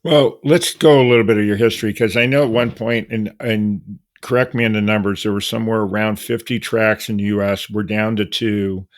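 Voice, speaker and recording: A man's voice: on the low side, steady tone, fairly quick, dry recording, clean studio sound. A man hosting a podcast, asking casual questions with loose phrasing and restarts. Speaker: podcast host. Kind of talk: interview questions.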